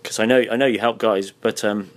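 Tired male host, low-pitched, laid-back and blunt. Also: fairly even intonation, a little fast. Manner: blunt, swears freely, laughs often. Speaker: podcast host. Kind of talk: casual interview chat. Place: hotel room.

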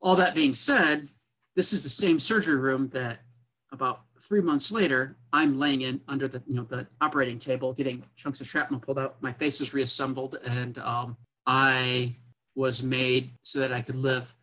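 A man's voice: mid-range voice, steady tone, moderate pace, pushed and bright, poor audio. A man, a military officer, tells a personal story to a podcast host in an earnest, unpolished way. His speech is full of fillers, and he often acts out quoted dialogue as he goes.

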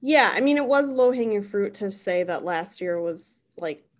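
A woman's voice: medium pitch, expressive, normal speed. A young woman co-hosting a podcast, chatting in an easygoing, agreeable way and often laughing. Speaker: podcast co-host. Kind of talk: casual chat.

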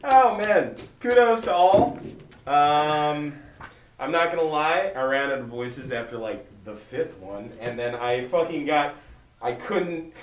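A man's voice: on the high side, expressive, slow pace, echoey room, recorded from a distance, slight background noise. A man co-hosting a podcast, chatting casually, laughing often and swearing freely. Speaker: podcast co-host. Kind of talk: casual chat.

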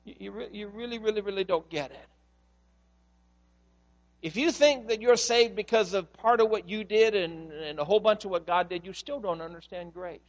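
A man preaching a sermon as pastor, telling stories in an animated way and acting out the voices in them. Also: high-pitched, moderate pace, big-room sound, dull audio. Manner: animated storytelling, acts out voices in quotes.

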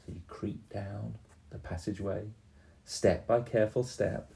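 A man in his fifties narrating a tabletop game for a small child in a slow, gentle storytelling voice, often pausing to ask her questions. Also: fairly low pitch, steady tone, vocal fry, a little hiss or hum. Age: 50s. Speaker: game master.

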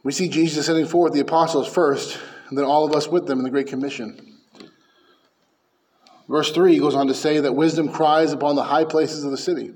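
A man preaching a sermon as pastor, fervent and emphatic, dropping to hushed lines and rising to loud peaks. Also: fairly high pitch, steady tone, brisk.

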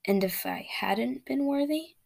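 A woman's voice: mid-range voice, little pitch movement, very slow, warm tone. A woman voicing a timid, nervous young man who stutters, in a storybook reading.

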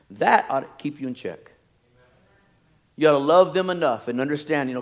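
A middle-aged man preaching a sermon as pastor, swinging from loud emphatic peaks to quiet low asides and jokes. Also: a little fast, long pauses.

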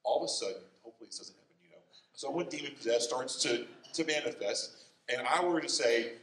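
A man's voice: mid-range voice, fast, far from the mic, a little hiss or hum. A man preaching a conversational sermon in a church, often checking in with the congregation. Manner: conversational, animated, frequent "okay?" and "right?" check-ins. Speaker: pastor. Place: church sanctuary. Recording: roomy, from the mic.

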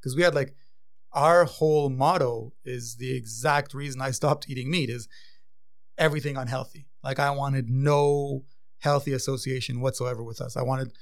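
A man who owns a vegan pub, chatting casually and telling stories, his voice often trailing off quietly. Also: mid-range voice, moderate pace, gravelly. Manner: relaxed storyteller, trails off quietly. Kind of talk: casual chat.

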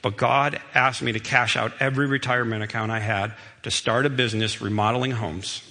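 Middle-aged male preacher, bright tone, storytelling sermon with hall reverb. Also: medium pitch, steady tone, brisk. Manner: conversational, storytelling, emphatic. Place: church sanctuary. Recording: long reverb of a church hall.

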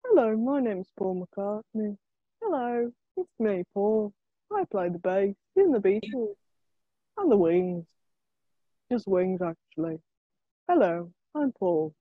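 A woman doing a soft mock-bloke rock star impression. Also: mid-range voice, sing-song, takes it slowly, pauses often, no room sound, narrow, tinny audio, voice pushed down. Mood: jokey. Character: impression of a famous male rock bassist, chirpy.

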